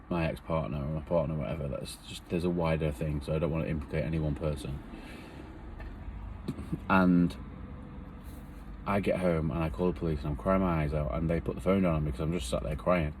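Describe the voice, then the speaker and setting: Deep-voiced man telling a story. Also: steady tone, a little fast, darkish tone, a little hiss or hum. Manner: earnest, rambling, emotional retelling. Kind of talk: personal storytelling.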